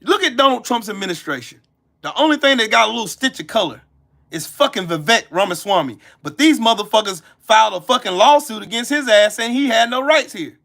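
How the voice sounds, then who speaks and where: A livestream host goes on an angry, profane rant answering chat, cussing out viewers and calling them out by name. His pitch jumps wildly between loud shouted bursts and low muttered asides. His voice is bright, sharp-edged, creaky, expressive, and brisk.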